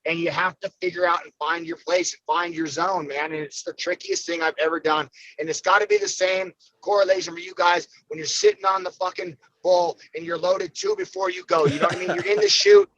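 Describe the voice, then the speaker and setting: An American man talks fast and profanely, pumping himself up as he tells stories on a podcast. His voice sits high and sounds bright and forceful. The sound is dry and a little dull. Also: expressive, vocal fry. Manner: profane, fired-up, emphatic. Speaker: podcast guest, fighter. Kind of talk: casual podcast chat.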